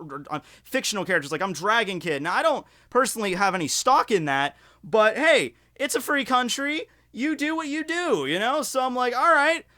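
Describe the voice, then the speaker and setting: A man telling a story on his vlog in a rambling, profane, animated way. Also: high-pitched.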